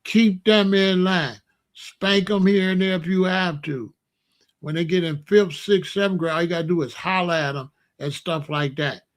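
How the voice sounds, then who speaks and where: A middle-aged man, telling folksy stories at a casual, animated pace as the host of an online show, with loud exclamations. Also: high-pitched, moderate pace. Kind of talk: casual storytelling monologue.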